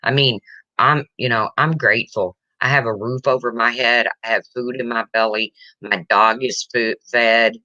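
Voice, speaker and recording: A woman's voice: rumbling low, steady tone, moderate pace, bright, forceful tone, no room sound, muffled recording. A woman hosting a casual livestream chat, emotional and reading viewer comments aloud. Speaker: livestream host.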